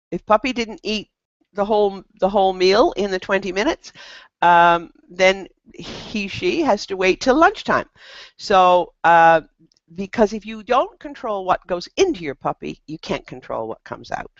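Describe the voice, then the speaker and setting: Lively, animated dog trainer giving advice. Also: medium pitch, a little slow, no room sound, muffled recording. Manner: animated, loose, with frequent restarts. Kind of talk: casual instructional talk.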